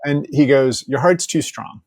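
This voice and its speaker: A man's voice: medium pitch, measured pace, no echo. Dry-miked man telling a story. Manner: candid, joking, quotes people in lively asides, swears freely. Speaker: podcast guest. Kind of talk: casual storytelling.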